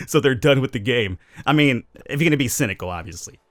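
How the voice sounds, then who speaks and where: A man's voice: on the high side, expressive, brisk, fairly bright tone, no echo. A man hosting a gaming channel, answering viewer questions in casual, chatty commentary with opinionated, wry asides. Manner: chatty, opinionated, self-aware cynical asides.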